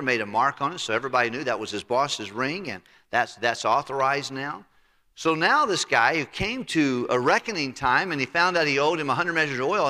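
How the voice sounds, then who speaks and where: Pastor, man, bright voice, animated folksy storyteller who acts out his characters, long church reverb. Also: mid-range voice. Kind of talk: sermon. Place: church sanctuary.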